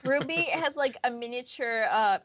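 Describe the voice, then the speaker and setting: A woman's voice: high-pitched, moderate pace, a bit bright, highs cut off. A woman describing her character's actions as a tabletop player, hesitant and rambling.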